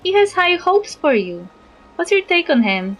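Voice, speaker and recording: A woman streaming a game, reading its text aloud in an animated, giggly, expressive way. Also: extremely high pitch, a little slow, soft background music.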